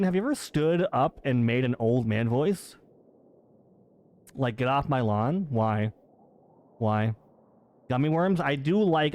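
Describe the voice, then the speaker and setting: This live streamer has a mid-range, darkish voice. He chats casually with his audience, reading their messages and protesting their teasing in disbelief, teasing right back and quick to object.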